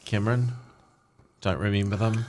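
A man's voice: on the low side, steady tone, moderate pace, a little mellow. A man co-hosting a casual radio chat, teasing his partner and breaking into bits of songs. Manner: teasing, playful, sings snatches of songs. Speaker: radio co-host.

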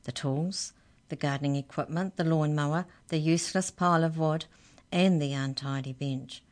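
A woman hosting a radio storytime, reading a children's book aloud in an expressive, gentle way. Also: low-pitched, normal speed. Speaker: storytime reader on community radio.

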